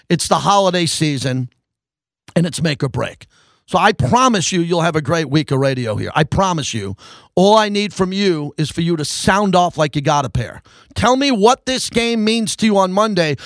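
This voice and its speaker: A man hosting a sports talk radio show into a studio microphone, ranting and fired up, swinging between loud bursts and low grumbles. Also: no room sound.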